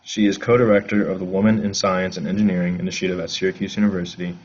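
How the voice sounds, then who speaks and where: A man's voice: low-pitched, husky. A man hosting a podcast, reading a guest's introduction from a script. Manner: fast, flat reading of a bio. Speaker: podcast host. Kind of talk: read introduction. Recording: dull lo-fi audio.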